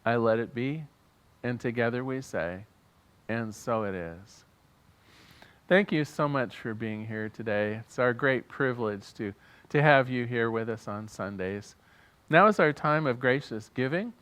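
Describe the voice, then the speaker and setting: A man ministering to a church congregation, leading them in prayer with earnest, fervent conviction. His voice sits at an ordinary middle pitch. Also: animated, measured pace, a bit bright, clear, resonant tone. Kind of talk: sermon and prayer. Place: church service.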